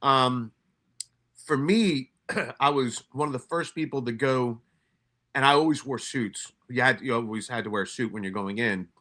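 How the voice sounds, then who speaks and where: Bright-voiced man from New York telling stories. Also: mid-range voice, normal speed. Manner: profane, animated retelling with many restarts and quoted asides. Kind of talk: casual storytelling.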